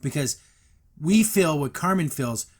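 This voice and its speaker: Excitable man reviewing a cartoon. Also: a little high, measured pace, soft background music. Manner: animated, recaps scenes and acts out quotes. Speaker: podcast host reviewing a cartoon episode. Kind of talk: casual commentary.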